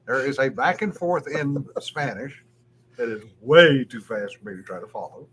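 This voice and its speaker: A man's voice: medium pitch, expressive, moderate pace, a bit bright. Easygoing male storyteller, faint hum. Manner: easygoing storyteller, chuckles often. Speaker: podcast co-host. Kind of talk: casual chat.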